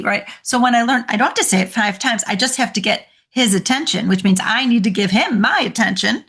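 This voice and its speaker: Brief: woman coach, podcast guest, lively storyteller who laughs a lot, pitched a bit high. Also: brisk. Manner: animated storyteller, laughs often. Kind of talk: conversational podcast interview.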